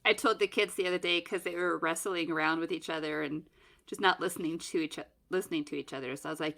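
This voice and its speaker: A woman's voice: sits low, fairly even intonation, creaky, fairly bright tone. A woman co-hosting a podcast in casual chat, laughing often and chiming in with short replies. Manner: laughs often, quick supportive interjections. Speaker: podcast co-host.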